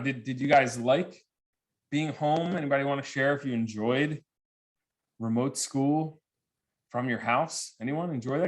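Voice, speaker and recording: A man in his forties giving a comedic keynote talk to students, telling stories with lively, animated delivery and acting out the voices of people he quotes. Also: medium pitch. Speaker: keynote speaker. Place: virtual assembly with students present.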